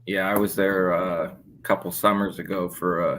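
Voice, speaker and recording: A man's voice: sits low, flat delivery, normal speed, fairly bright tone, a little hiss or hum. A man hosting a podcast interview, mostly giving brief affirming replies. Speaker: podcast host. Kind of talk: casual interview chat.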